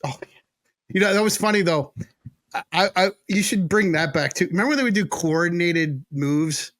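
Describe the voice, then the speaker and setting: A radio host who grew up in New Jersey chats about bands with real enthusiasm. His voice sits slightly high, and the sound is dry and close. He often cuts in with his own stories. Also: moderate pace, a bit bright, dry recording. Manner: enthusiastic storyteller, talks over others. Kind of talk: casual chat.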